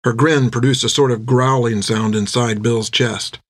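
A man narrating an adventure audiobook with steady storytelling. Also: medium pitch, moderate pace, no room sound, studio quality.

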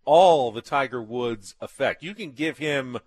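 Male co-host, easy conversational tone, mid pitch. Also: animated, a little slow, darkish tone. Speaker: podcast co-host. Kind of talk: casual chat.

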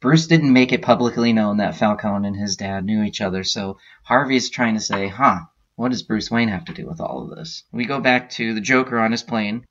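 A podcast host casually walks through a comic book story scene by scene, quoting lines and filling gaps with lots of "uh"s. His voice is fairly low and a bit bright. The recording sounds dull and lo-fi.

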